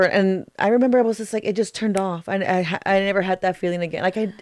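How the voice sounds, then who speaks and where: A young woman, co-hosting a podcast and telling a personal story in animated, profane casual chat, acting out quotes. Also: mid-range voice, quick pace, dry recording, studio quality. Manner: animated, swears freely, acts out quotes. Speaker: podcast co-host.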